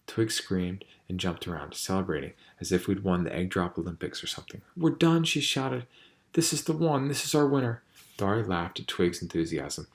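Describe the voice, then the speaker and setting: A man reading a novel aloud in a measured, quiet storytelling manner. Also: low-pitched, vocal fry. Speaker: audiobook reader.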